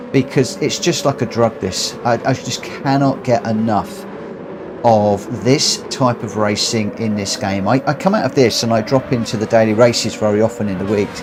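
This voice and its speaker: A man streaming a racing game to his viewers, breathless, excited and heartfelt as he reads out the results. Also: medium pitch. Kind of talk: live game commentary. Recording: clear background noise.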